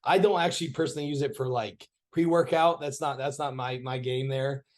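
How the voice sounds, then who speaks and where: A man's voice: medium pitch, fairly even intonation, fairly quick. A man with an American accent, a podcast guest talking frankly and loosely, with many fillers. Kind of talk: casual chat.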